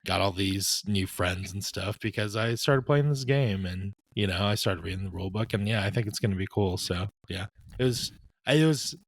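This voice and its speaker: A man's voice: fairly low pitch, moderate pace. A man co-hosting a podcast, talking in a reflective, easygoing way. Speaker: podcast co-host. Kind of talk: casual podcast chat.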